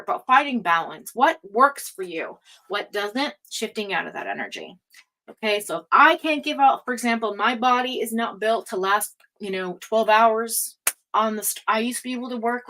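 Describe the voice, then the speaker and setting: A woman's voice: medium pitch, a bit bright, poor audio. A woman giving a casual, rambling tarot reading, full of fillers and asides. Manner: chatty, rambling, frequent fillers and laughs. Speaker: tarot reader.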